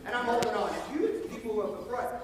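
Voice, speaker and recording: A young man in his twenties telling a story to an audience, excitable and animated, acting out scenes with shouts and sound effects. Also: sits high, quick pace. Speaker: motivational speaker. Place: large hall. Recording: echoey hall from far off, noisy.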